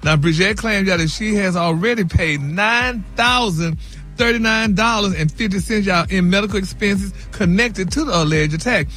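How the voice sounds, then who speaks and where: Sassy high-voiced man reading gossip. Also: moderate pace, pushed and bright, faint music behind. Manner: sassy, drops "y'all" and "honey" constantly. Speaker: celebrity news correspondent. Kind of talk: radio morning show gossip report.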